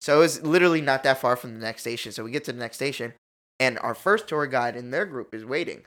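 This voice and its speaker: Host type, male, bright tone, animated profane storyteller, casual chat. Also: medium pitch, quick pace.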